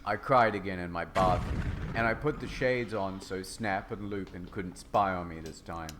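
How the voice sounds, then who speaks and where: A man narrating a comedic dramatic reading in a deadpan, mock-serious way. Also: sits low, normal speed, noisy background.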